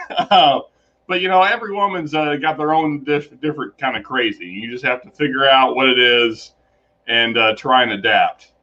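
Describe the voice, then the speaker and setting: A man's voice: medium pitch, normal speed, pushed and bright, lo-fi sound. A man chatting as a guest, hesitant and laughing, thinking aloud as he speaks. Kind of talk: casual chat.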